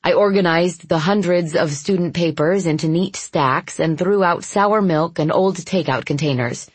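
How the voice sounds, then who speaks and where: Husky low-voiced woman narrating softly. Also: no echo. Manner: soft, intimate, measured. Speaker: audiobook narrator. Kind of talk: first-person audiobook narration.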